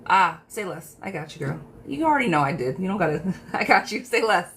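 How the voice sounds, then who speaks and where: A woman's voice: on the low side, sing-song, a little fast, fairly bright tone, slight background noise. A woman hosting a live tarot reading stream, talking casually and affectionately to viewers by name. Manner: chatty, affectionate, talks straight to viewers by name.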